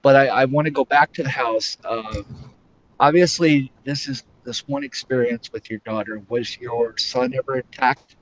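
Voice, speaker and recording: A man hosting an interview, asking measured, probing questions. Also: mid-range voice, slight background noise, rough recording. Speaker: host.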